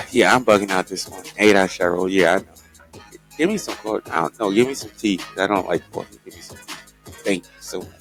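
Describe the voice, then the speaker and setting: A young man hosting a casual news chat show, talking in a laid-back, joking, low-key drawl. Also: a bit bright. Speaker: podcast host.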